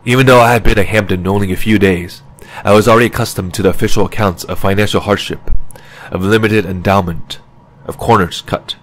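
Male audiobook narrator, lowish voice, steady, close and dry. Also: fairly quick, no echo.

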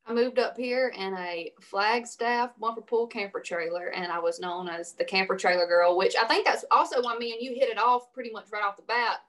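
A young woman from Louisiana with a strong Southern accent, chatting as a guest on a radio interview. She talks in a slow drawl and stretches her words with extra syllables. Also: medium pitch, steady tone, a bit bright. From Louisiana, USA. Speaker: country singer guest. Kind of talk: casual radio interview chat.

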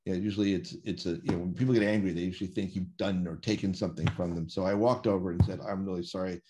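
A slightly low-voiced American man spins long anecdotes as an interview guest over a video call. He wanders through his stories, breaks off with "um" and "you know", and corrects himself midway. The talk is loose and conversational. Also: fairly even intonation, fast, background noise. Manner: rambling anecdotes with many fillers and self-corrections. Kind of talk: storytelling in a conversation.

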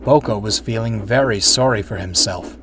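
A man giving expressive storybook narration as a storyteller. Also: on the low side, moderate pace, noisy background. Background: music.

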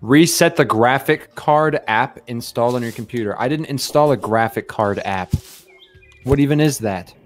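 A young man streaming a game live, chatting casually and excitedly while greeting his viewers. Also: mid-range voice, normal speed, soft background music.

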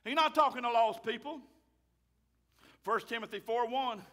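A man, a pastor preaching a fiery sermon loudly and emphatically. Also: very high-pitched, normal speed, long pauses. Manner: loud, emphatic, raises his voice.

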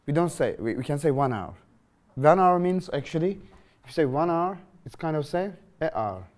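Guy with teaching a grammar class, fairly high voice, jumps around a lot in pitch, keeps asking "you understand?". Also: moderate pace. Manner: lively, questioning, repeats phrases to students. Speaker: English teacher.

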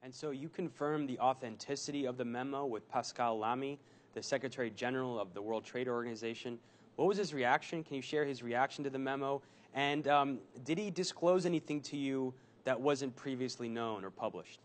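A male interviewer asking measured, probing questions of his guest. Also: mid-range voice, slight background noise.

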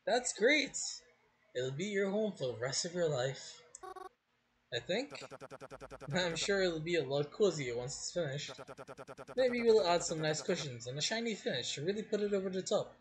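A man reading game dialogue aloud as a soft-spoken, apologetic young man who makes coffins. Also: high-pitched, sing-song, moderate pace. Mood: friendly.

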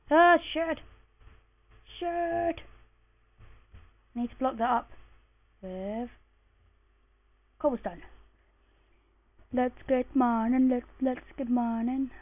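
A woman giving casual let's-play commentary, chatty and sleepy, muttering and swearing to herself as she plays. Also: fairly high pitch. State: groggy, just woken up. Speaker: gamer commentating her play. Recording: tinny lo-fi mic.

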